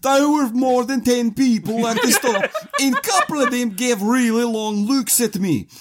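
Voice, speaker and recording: A man's voice: very high-pitched, unhurried. A man on a comedy podcast reading a story aloud in a playful, exaggerated put-on accent. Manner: playful, exaggerated sing-song delivery. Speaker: podcast co-host.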